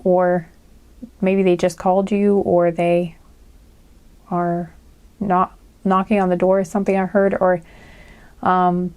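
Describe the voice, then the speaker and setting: Mellow-voiced woman giving a tarot reading. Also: medium pitch, no room sound. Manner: rambling and chatty, with many fillers. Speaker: tarot reader. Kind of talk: casual spoken tarot reading.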